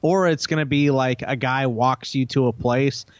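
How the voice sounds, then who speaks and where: A man's voice: mid-range voice, steady tone, normal speed, no echo. Male co-host, sarcastic ribber, slightly muffled dry recording. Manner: teasing, sarcastic ribbing. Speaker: podcast co-host. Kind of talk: casual chat.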